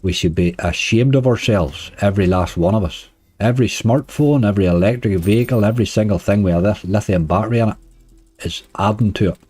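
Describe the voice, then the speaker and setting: A hoarse man with a Northern Irish accent, chatting casually to viewers on a live stream. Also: on the low side, brisk, a little mellow, no echo, soft background music. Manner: chatty, uses "wee" and "like" often. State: hoarse, dry throat. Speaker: slots streamer.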